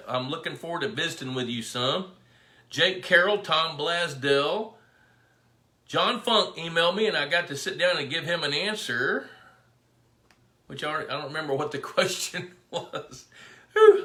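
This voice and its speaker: A middle-aged man chats on a live stream from an echoey room, his voice bright and slightly high. He rambles from story to story and calls out viewers by name. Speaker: fisheries biologist hosting a live pond Q&A. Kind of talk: casual live-stream chat. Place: indoor room with his dog.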